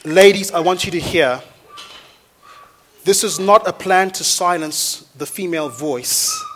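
A man in his thirties preaches a sermon to his congregation in a church auditorium. His voice sits fairly high for a man, and his lively storytelling keeps climbing into loud, rousing exhortation. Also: measured pace, a little hiss or hum. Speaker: pastor.

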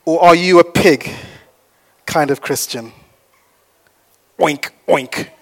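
A male pastor preaching a sermon, animated, swinging between loud storytelling and soft, slow points. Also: fairly high pitch, a little hiss or hum.

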